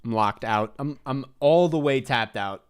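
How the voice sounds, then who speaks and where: A man's voice: mid-range voice, a little slow, clean tone. A young man streaming live, muttering, swearing at himself while he plays and answering chat offhand. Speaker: livestreamer. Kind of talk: live-stream game commentary.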